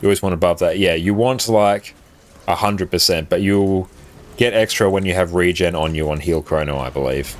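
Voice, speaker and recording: Deep-voiced Australian man chatting on stream. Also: moderate pace, slight background noise. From South Australia. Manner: relaxed, chatty, reads out chat and laughs easily. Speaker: live streamer. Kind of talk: casual chat while gaming. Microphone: desk microphone.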